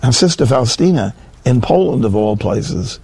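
A man preaching a sermon in an earnest way, rising to emphatic peaks and slowing down for scripture. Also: medium pitch, expressive, vocal fry, warm tone, slightly rough, no echo.

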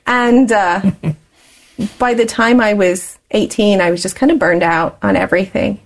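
A woman's voice: medium pitch, lively intonation, a little slow. Chatty woman telling her life story. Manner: chatty, laughs often while telling. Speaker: interview guest. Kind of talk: candid personal storytelling.

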